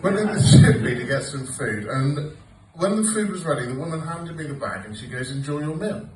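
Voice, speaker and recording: A man in his forties tells sweary, sarcastic stories at a club. His pitch jumps all over the place while he talks. He sounds distant, caught in a roomy space with noise underneath. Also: lively intonation, brisk. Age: 40s. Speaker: stand-up comedian. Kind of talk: stand-up comedy set. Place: comedy club stage with audience laughter. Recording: roomy live club recording from afar.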